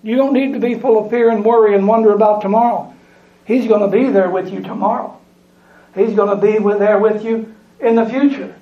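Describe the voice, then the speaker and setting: A man's voice: high voice, steady tone, a little fast. A man preaching a sermon, reading scripture aloud and repeating lines for emphasis. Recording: echoey room, dull lo-fi sound.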